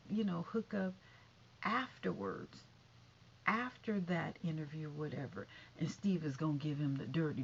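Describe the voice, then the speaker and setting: A woman's voice: lowish voice, vocal fry. A woman vlogger giving sassy casual commentary, calling listeners honey and baby. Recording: dull lo-fi recording with faint noise.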